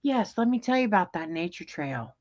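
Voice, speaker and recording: Animated woman telling a story, lo-fi. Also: mid-range voice, brisk, a crowd in the background. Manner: animated, exasperated storyteller with fillers and restarts. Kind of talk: casual storytelling chat. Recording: dull lo-fi sound.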